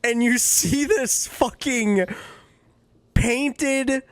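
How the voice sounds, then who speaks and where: Slow-paced woman recapping on a podcast. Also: on the high side. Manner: unhurried recapping, casual swearing. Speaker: podcast co-host. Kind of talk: casual wrestling recap.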